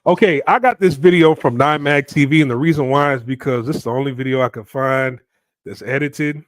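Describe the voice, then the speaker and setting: A man's voice: mid-range voice, brisk, no echo. A man hosting casual reaction commentary, lecturing with stammered restarts and rhetorical questions.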